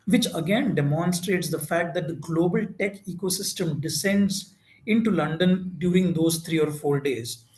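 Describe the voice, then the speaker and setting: A man's voice: sits high, a little mellow, echoey room, low-quality recording. A man giving an informal presentation at an info session, talking with many fillers and restarts.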